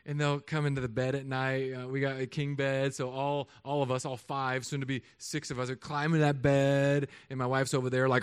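A man in his thirties, a pastor, preaching a sermon with animated, humorous storytelling. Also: mid-range voice, brisk, smooth.

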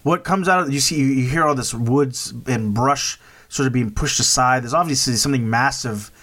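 A man's voice: mid-range voice, moderate pace, fairly bright tone. Guy hosting a movie review podcast, talks in loose rambling bits, keeps checking "right?" with his cohost. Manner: rambling, recaps plot with many restarts and "right?" checks. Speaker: podcast host. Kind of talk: casual movie review chat.

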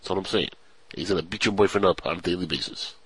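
A man's voice: low voice, fast talker, slightly rough, no room sound, poor audio. A man co-hosting a casual online radio show, reading stories and joking with his partner, often slipping into mock accents.

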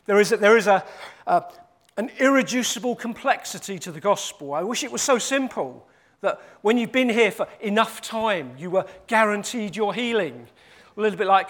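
A man's voice: sits high, lively intonation, moderate pace, a bit bright. A man preaching a sermon. He repeats his points for emphasis and acts out the quoted voices.

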